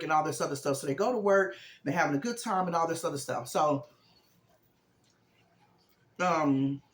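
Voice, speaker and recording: A man's voice: on the high side, normal speed, long pauses, fairly bright tone, roomy sound. A man vlogging a casual, rambling retelling of a movie plot, chatting like a storyteller.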